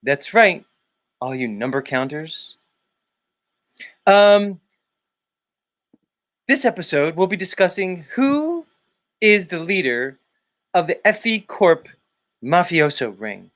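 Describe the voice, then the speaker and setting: A man doing an impression of a stiff, theatrical online show co-host who speaks in a slow, over-emphatic, robotic way. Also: sits high, sing-song, fairly bright tone, full character voice.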